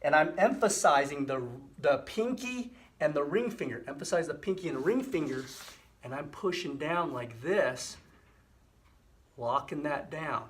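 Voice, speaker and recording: A middle-aged man hosting a health channel, explaining and demonstrating a hand exercise in a relaxed, repetitive way with frequent fillers. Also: fairly high pitch, a little slow. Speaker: physical therapy host. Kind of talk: casual instructional demonstration.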